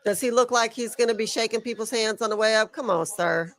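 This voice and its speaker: A woman's voice: a little high, fairly bright tone. A woman co-hosting a live wrestling watch-along, teasing and laughing in casual chat. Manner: slow, teasing, laughs often. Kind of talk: casual live-stream commentary.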